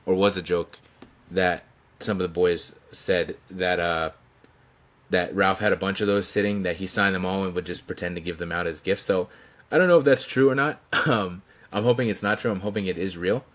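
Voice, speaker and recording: A man with a very low voice tells stories in a loose, rambling way, full of restarts and chuckles. He talks to a desk camera from his room. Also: steady tone, moderate pace, fairly bright tone. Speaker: channel host telling stories. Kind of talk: casual storytelling tribute.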